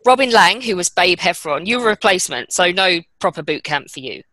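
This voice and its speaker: A woman moderating a panel, introducing guests with brisk, teasing questions. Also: lowish voice, animated, pushed and bright, no echo.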